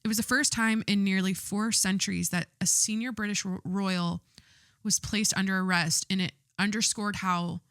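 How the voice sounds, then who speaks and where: A woman hosting a podcast, her voice sitting a little low for a woman. She reads news aloud and reacts bluntly and with swearing, tripping over words and correcting herself as she goes. The sound is dry and close to the mic. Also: a bit bright, no room sound. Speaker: podcast host. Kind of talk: casual chat reading and reacting to news.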